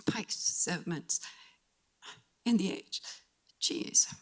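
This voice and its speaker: A woman's voice: fairly low pitch, slightly rough. Tearful older woman giving public comment. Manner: earnest, emotional, halting with restarts. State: tearful, fighting back tears. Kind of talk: public comment at a council meeting.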